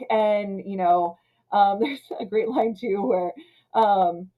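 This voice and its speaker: A woman in her thirties casually ranting about an old film, retelling scenes and slipping into quick character voices. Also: mid-range voice, lo-fi sound. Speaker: film commentator. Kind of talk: casual movie rant.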